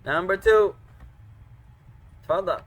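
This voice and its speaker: A man teaching an online class, patient and slow, pausing often and correcting students. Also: high voice, fairly bright tone. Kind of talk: online Arabic and hadith class. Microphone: computer microphone.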